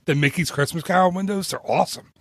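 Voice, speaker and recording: A man co-hosting a podcast, chatting casually and telling a lively story with frequent restarts. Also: sits high, fast, no room sound, studio quality. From northern United States. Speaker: podcast co-host. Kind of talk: casual chat.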